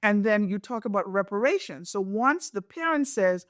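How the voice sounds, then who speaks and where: A woman's voice: medium pitch, lively intonation, normal speed, hardly any pauses, no room sound. Give me a middle-aged woman host, reflective and dry. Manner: reflective, explanatory, often checks in with "right?". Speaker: podcast host. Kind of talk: conversational podcast discussion.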